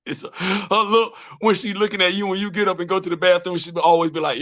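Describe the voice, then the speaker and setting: A man hosts a casual livestream in a high voice. He repeats himself and restarts often, drifting into bits of old songs. He sounds middle-aged and talks in loose slang. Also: level tone, quick pace, fairly bright tone. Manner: repetitive, stammering restarts, sings snatches of songs. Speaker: host. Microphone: streaming setup.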